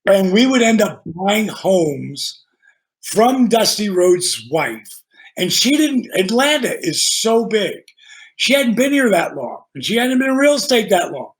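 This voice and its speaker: A man with a fairly high-pitched voice for his sex, spinning casual stories as a podcast guest. He is animated and profane and acts out the back-and-forth of each conversation. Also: unhurried. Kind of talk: casual storytelling.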